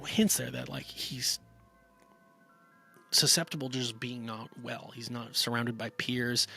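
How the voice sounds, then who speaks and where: A man talks through a film review in a loose, rambling way, circling back with plenty of fillers and restarts. His voice is bright and forceful at a middle pitch, and soft music plays faintly underneath. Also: vocal fry, slightly rough. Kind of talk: casual spoken movie review.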